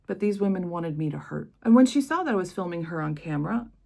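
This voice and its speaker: An American woman vlogs straight to camera, telling a personal story in an emotional, impassioned, and emphatic monologue. Her fairly low voice is gravelly yet mellow, animated and fast.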